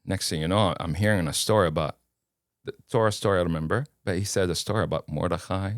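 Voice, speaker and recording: Interview guest: a man, lowish voice, dry close sound, animated and chatty storyteller. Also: quick pace, no echo. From Kuwait. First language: Arabic. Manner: animated, casual storyteller who acts out dialogue.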